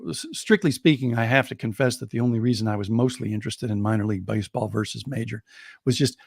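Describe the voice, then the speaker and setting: A middle-aged American man, a storyteller, telling a personal anecdote on a podcast in a lively way and chuckling as he goes. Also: medium pitch, vocal fry, no room sound, studio quality. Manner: lively, chuckling, builds excitement as he tells it.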